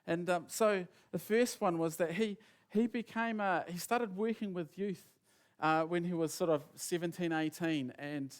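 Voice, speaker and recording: Storytelling New preacher, fairly high voice. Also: male voice, unhurried, clean tone. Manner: rambling anecdote, acts out quoted voices. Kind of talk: sermon storytelling.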